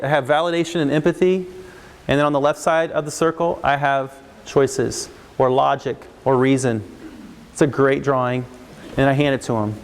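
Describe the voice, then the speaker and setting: A man's voice: a little high, clear, resonant tone. A man counseling parents and teachers, talking casually and acting out what kids and adults say. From United States. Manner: animated, acts out kid and adult voices. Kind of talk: instructional talk with acted examples.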